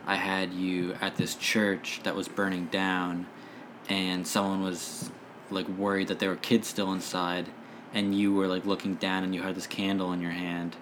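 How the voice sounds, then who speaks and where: A man who runs a tabletop game, talking in a relaxed, rambling way with lots of fillers. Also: sits low, moderate pace, background noise. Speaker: dungeon master. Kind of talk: casual podcast chat.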